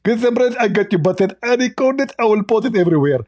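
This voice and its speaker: A man's voice: high voice, lively intonation, quick pace, a little mellow, dry recording, studio quality, pitched above the performer's own voice. A man doing a mocking impression of an indignant male preacher, whiny and defensive. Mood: gloating. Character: indignant, squeaky male preacher under mockery.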